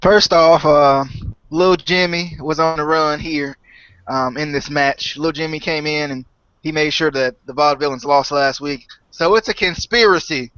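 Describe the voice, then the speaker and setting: A man's voice: on the high side, normal speed, a bit bright, clean tone, no room sound. A man co-hosting a podcast, chatting in a hesitant, jokey, self-deprecating way. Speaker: podcast co-host. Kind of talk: casual podcast chat. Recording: dry, dull lo-fi audio.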